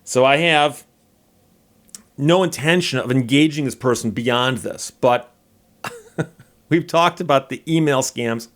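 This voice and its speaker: A middle-aged man hosting a legal commentary channel, telling a story in a dry, wry way and mockingly reading out messages. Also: medium pitch. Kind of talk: casual talking-head monologue.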